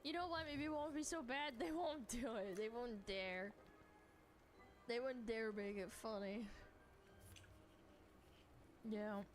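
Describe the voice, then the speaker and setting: A woman streamer talks through a livestream reaction in a high, swooping voice. She takes her time over the words but gets worked up, cursing freely and breaking into laughs, with a faint hiss of noise behind her. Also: slow pace, pauses often. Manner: excitable, laughs often, swears freely.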